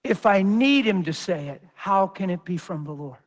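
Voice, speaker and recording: A man's voice: high-pitched, animated, moderate pace. A man preacher giving a sermon, talking in an emphatic, intense way.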